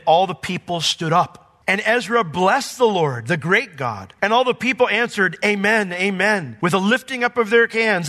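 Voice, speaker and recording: In a high voice, a man preaches as pastor, reading passages of scripture and unpacking them one verse at a time. He shifts between hushed asides and loud, emphatic declarations.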